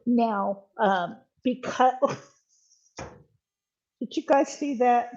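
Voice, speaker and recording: Older female livestream cook, chatty and unhurried, high voice, dull home-stream audio. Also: darkish tone. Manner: chatty, talks to viewers while cooking, frequent ums. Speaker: livestream cooking host. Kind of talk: casual live cooking chat. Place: home kitchen.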